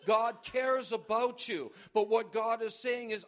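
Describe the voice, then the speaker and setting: A man's voice: extremely high pitch, steady tone, measured pace, few pauses. A man preaching a sermon, exhorting his congregation and reading scripture aloud with force. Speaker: pastor.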